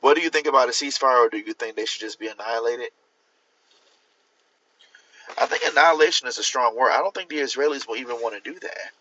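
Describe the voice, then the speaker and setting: A man's voice: mid-range voice, quick pace, pauses often, sharp tone, highs cut off. Blunt man on a livestream. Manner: blunt, opinionated, talks straight to viewers. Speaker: livestream host. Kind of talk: casual livestream talk.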